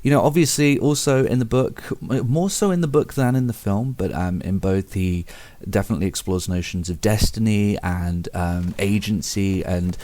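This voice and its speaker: A man's voice: fairly low pitch, moderate pace, dark tone. A man hosting a casual video about a favorite book, rambling with many fillers and restarts and laughing at himself. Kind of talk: casual spoken book commentary.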